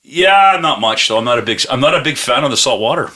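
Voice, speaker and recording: A man's voice: medium pitch, expressive, fast, pushed and bright. A man co-hosting a podcast, telling rambling stories with lots of swearing and laughter. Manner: rambling storyteller, swears, laughs a lot, acts out quotes. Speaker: podcast co-host. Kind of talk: casual chat.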